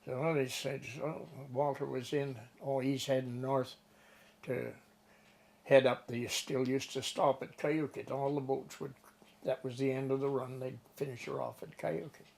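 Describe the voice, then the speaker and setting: A man's voice: mid-range voice, unhurried, vocal fry, a little mellow. Rambling older man spinning yarns. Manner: rambling, folksy, swears casually. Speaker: interview guest. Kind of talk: casual storytelling.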